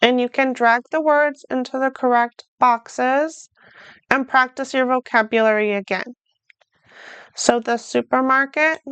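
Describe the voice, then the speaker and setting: A woman teaches a beginner language lesson at a very deliberate pace. She pronounces each word carefully in a smooth, clear voice that sits a little high. The recording is dry and close, with no room sound. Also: a bit bright, no echo. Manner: slow, careful enunciation with repeated examples.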